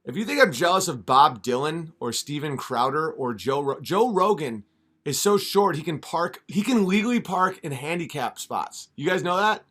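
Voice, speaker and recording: Rambling animated male podcast host. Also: a little high, moderate pace. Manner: rambling, restarting mid-sentence. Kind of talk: casual comedic rant.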